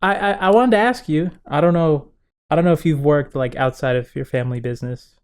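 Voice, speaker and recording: Animated young man, higher voice. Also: a little fast, clean tone. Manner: animated storyteller, acts out quotes, laughs often. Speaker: podcast co-host. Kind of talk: casual chat.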